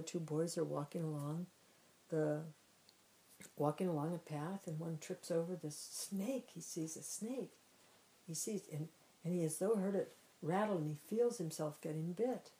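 A woman with a fairly low voice gives a spiritual teaching talk. She speaks in a loose, conversational way and tells a parable as she goes. She often circles back, repeats phrases and adds "you know". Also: normal speed, warm tone, poor audio.

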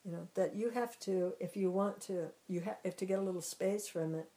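A woman giving a spiritual teaching talk in a relaxed, conversational way, often repeating herself and saying "you know". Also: mid-range voice, brisk, rough recording.

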